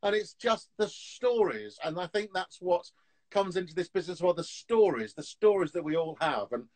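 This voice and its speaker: A man, a TV antiques dealer, telling stories in a casual, animated way on a live video call. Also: high-pitched, poor audio. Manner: chatty storyteller, animated, quick laughs. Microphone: phone on a live video call.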